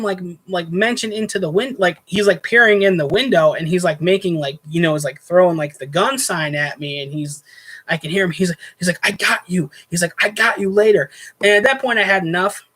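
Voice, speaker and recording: High-voiced man telling an indignant work story. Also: a little fast, pushed and bright. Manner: indignant, re-enacts both sides of the argument. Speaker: host, former hotel night clerk. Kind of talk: casual storytelling.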